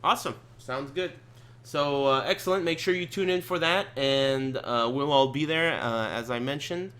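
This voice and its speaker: A man hosting a casual gaming podcast who tells stories in an animated way and swears while he rants. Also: on the high side, moderate pace, clear, resonant tone. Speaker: podcast host. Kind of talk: casual chat.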